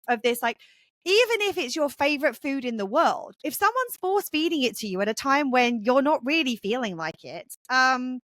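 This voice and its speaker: A woman co-hosting a podcast over a remote call, talking in a casual, rambling way. Her voice sits a little high and sounds close and dry, with no room around it. She tells her stories with lively animation. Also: no echo. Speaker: podcast co-host.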